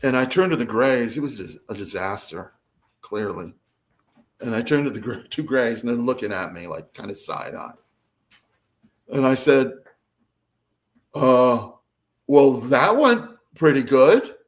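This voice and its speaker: Male interview guest, animated storyteller, pitch swinging widely. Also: normal speed, pauses often. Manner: expressive, lively, acts out quotes. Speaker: guest, abductee.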